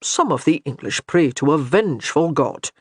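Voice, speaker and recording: A man reading as a kindly old Highland priest who reassures with light humor. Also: lively intonation, moderate pace, slightly rough, no room sound, clean studio sound. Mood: reassuring.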